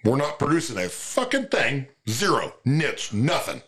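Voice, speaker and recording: A man's voice: medium pitch, wildly swooping pitch, unhurried, fairly bright tone, a little hiss or hum. Rambling, profane farmer man. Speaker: farmer, podcast guest. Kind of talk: casual podcast chat.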